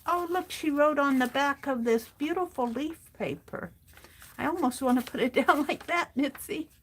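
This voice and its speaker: A middle-aged woman hosting an art journaling livestream, chatting warmly with viewers by name and reading their comments aloud while she works. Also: high-pitched, normal speed. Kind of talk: casual chat while crafting.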